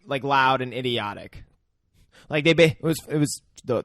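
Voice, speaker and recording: Podcast dude, kinda low voice, lots of uh and like while sharing trivia, dry room. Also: male voice, a bit bright, no echo. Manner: chatty, shares trivia with filler words. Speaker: podcast co-host. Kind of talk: casual movie chat.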